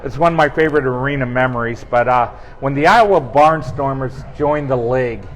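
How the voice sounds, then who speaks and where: A man telling animated, funny anecdotes in a casual chat, acting out quoted dialogue. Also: medium pitch, fairly quick, low-quality recording. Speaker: guest storyteller on team talk show. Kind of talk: casual storytelling.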